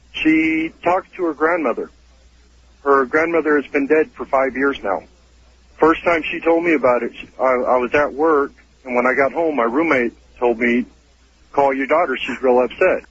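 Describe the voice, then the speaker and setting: A man's voice: medium pitch, moderate pace, fairly bright tone, muffled recording, slight background noise. A man, a father, calling in to tell a ghost story in a plain, matter-of-fact way. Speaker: caller. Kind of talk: telling a ghost story by phone.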